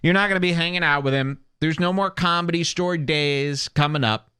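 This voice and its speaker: A man's voice: on the high side, normal speed, bright, forceful tone, clean tone, dry recording, studio quality. A man hosting a comedy podcast, giving sarcastic, mocking commentary on a video clip. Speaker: podcast host.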